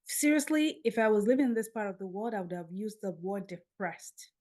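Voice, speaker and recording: Animated woman telling a story. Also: mid-range voice, a little fast. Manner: animated, acts out dialogue. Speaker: podcast guest. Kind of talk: storytelling in an interview.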